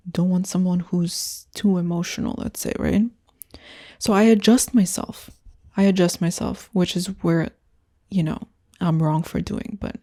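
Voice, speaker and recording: A woman's voice: lowish voice, dark tone. A young woman from Canada hosting a solo podcast, talking candidly and rambling about frustrating dates. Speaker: podcast host. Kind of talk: casual solo podcast chat.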